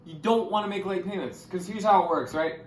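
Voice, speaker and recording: A young man explaining money topics in a casual vlog, goofy and jokey, with sudden loud, excited bursts. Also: high voice, fairly quick, reverberant, a little hiss or hum, poor audio. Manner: goofy, hyper bursts, calls viewers gamers. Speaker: YouTuber.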